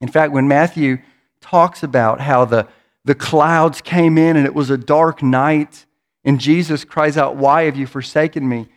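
Man, pastor, sermon, fairly high voice, earnest, repeats words as he builds. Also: fairly even intonation, a little slow.

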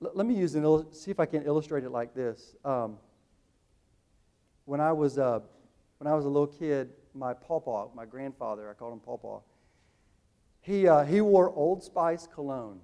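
A man in his thirties preaching a sermon, booming slow on quoted lines and dropping quick and hushed in his asides. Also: animated. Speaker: pastor.

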